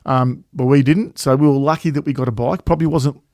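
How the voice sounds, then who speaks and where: A man talks through a travel story in loose casual chat, full of ums, restarts and the odd swear word. His voice sits at an ordinary middle pitch. The sound is dry and close, with no room around it. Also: fairly even intonation, fast talker, dark tone, no room sound. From Australia. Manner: rambling, swears freely, many fillers and restarts. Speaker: travel vlog co-host.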